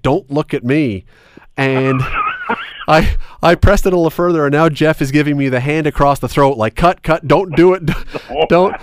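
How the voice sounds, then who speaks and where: A man's voice: mid-range voice, background noise. A man hosting a podcast, telling anecdotes in casual chat and laughing often. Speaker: podcast host.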